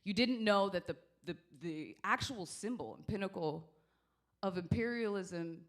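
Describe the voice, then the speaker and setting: A woman doing stand-up comedy, telling stories in a brash, profane, animated way. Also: medium pitch, a little slow.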